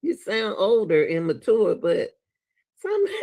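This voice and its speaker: A man's voice: sits high, wildly swooping pitch, unhurried, dark tone. A man with a Southern US accent, hosting a reaction video and talking casually to his viewers, laughing and exclaiming in disbelief.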